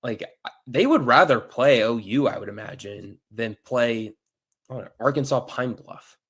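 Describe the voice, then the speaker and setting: A man from near St. Louis, a guest reporter giving opinions on college football in casual, animated talk, filling it with "like.". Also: mid-range voice, normal speed, husky. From near St. Louis, US Midwest.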